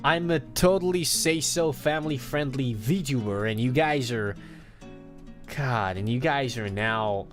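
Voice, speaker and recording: A man's voice: medium pitch, a little slow, faint music behind. A man streaming as a VTuber, chatting casually with crude jokes, trash talk and frequent laughter. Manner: crude, joking, trash-talking chat, laughing often.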